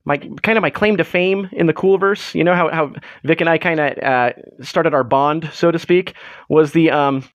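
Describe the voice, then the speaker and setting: Chatting with viewers on a casual livestream, a man rambles along with plenty of filler. His voice is fairly high for a man, and the close desk mic gives a dry, dead, muffled sound with no room sound at all.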